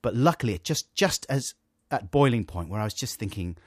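A man co-hosting a casual chat, telling an anecdote with lively, expressive delivery. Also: mid-range voice, a little fast, dry recording, studio quality. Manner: animated, expressive storyteller who acts out voices. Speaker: podcast co-host.

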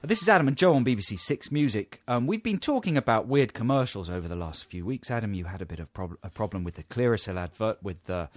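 A man's voice: on the low side, animated, fast talker, few pauses. A British man co-hosting a radio show, bantering playfully and breaking into silly impressions. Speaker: radio co-host. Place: radio studio. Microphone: studio microphone.

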